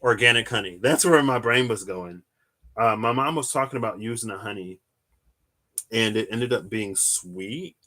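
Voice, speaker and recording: Rambling young man with a bright voice. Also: moderate pace. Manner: rambling storyteller, animated, bursts into high-pitched squeals and laughter. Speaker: tarot reader and streamer. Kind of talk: casual live-stream chat while reading tarot.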